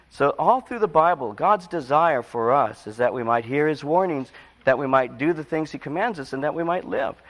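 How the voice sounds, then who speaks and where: A male preacher with a slightly high voice delivers a sermon in a big echoing hall. He moves from an easy storytelling tone to earnest, pleading cries, then drops to a hush. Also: animated, normal speed. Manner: storytelling, rising to emotional pleas then dropping quiet. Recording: long hall reverb.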